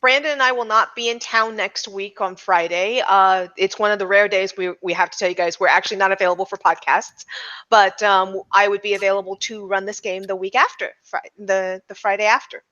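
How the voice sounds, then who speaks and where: A woman's voice: mid-range voice, steady tone, fairly quick, pushed and bright, highs cut off. A woman serving as game master, chatting casually and laughing on a tabletop game podcast.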